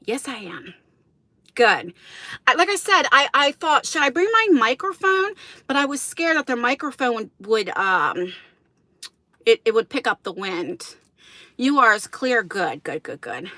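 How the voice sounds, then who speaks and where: A woman's voice: on the high side, lively intonation, measured pace, sharp tone, no room sound. A woman chatting casually with her viewers on a livestream, rambling and greeting people in the chat, filmed on a phone held on a selfie stick, first outdoors in the wind and then in a parked car. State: out of breath. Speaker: vlogger hosting a livestream.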